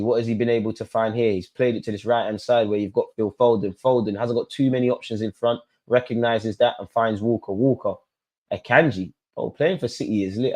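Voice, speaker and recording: A young man, hosting a live football watch-along, commentating casually and bantering with his chat and the players. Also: medium pitch. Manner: animated, banter-filled, talks straight to players and chat.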